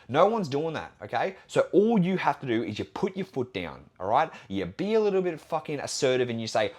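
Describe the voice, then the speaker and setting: A man's voice: medium pitch, big pitch swings, fast talker, hardly any pauses. A young Australian man hosting a solo podcast as a fitness trainer, talking bluntly and assertively with plenty of swearing.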